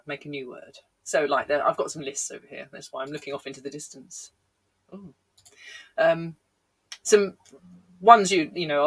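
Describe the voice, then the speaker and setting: Middle-aged British woman comic, bright voice, loose self-mocking live-stream patter full of ums. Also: low voice. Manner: rambling, self-deprecating, lots of ums and laughs. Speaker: comedian. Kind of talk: chatty live-stream stand-up.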